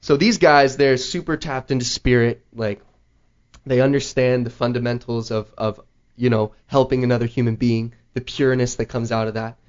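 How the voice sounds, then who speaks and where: A man hosting a show, telling a story in casual chat, rambling with lots of "like" and an animated manner. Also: mid-range voice, moderate pace, clear, resonant tone. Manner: rambling, heavy use of "like", animated retelling. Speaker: podcast host. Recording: slightly dull lo-fi audio.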